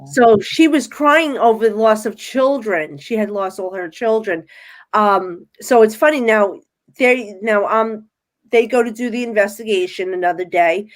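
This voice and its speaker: Animated New woman telling a story. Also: mid-range voice, a little slow. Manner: animated storyteller, acts out her own quotes. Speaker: guest medium. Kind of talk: casual storytelling in a podcast interview.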